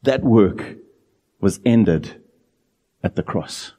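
Guy preaching, earnest and emphatic, slows right down on the big lines, warm husky tone. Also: on the low side, expressive, in a large hall. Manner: earnest, emphatic preaching with slow, drawn-out phrases. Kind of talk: sermon.

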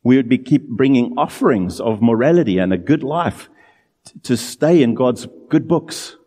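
A man preaching a sermon in an earnest, emphatic way, drawing out key phrases slowly. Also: mid-range voice, expressive, warm tone, in a large hall.

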